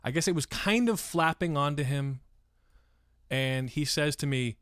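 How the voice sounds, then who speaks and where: A man's voice: a little high, measured pace, fairly bright tone, dry recording, clean studio sound. A man from San Francisco telling a story on a live stream, rambling and swearing freely and breaking off to answer chat. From San Francisco, USA. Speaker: livestreamer.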